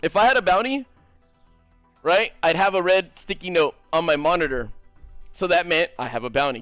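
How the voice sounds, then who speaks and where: High-voiced, profane male gaming streamer. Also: no room sound, soft background music. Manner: animated, profane, fast-rambling. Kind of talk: casual storytelling stream chat.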